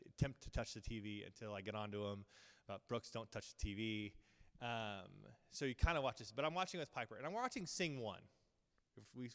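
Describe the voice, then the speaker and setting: A man's voice: fairly low pitch, fairly bright tone, smooth. A man in his thirties preaching a casual, earnest sermon to his Bible school group, rambling with many fillers and restarts. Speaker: pastor teaching a Bible school series. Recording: long reverb of a large hall.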